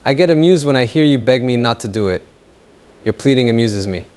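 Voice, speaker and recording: A man voicing a possessive, menacing young lover who taunts slowly in an audio fan fiction story. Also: medium pitch, lively intonation, darkish tone, lightly acted. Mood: mocking. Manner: slow, taunting, mocking.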